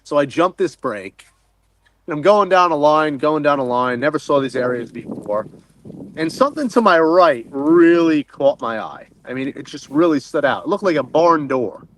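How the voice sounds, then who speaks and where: A man telling an excitable diving story, swearing casually and acting out what he said at the time. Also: on the high side, moderate pace. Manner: excitable, swears casually, acts out his own quotes. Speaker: wreck diver guest. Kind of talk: animated storytelling.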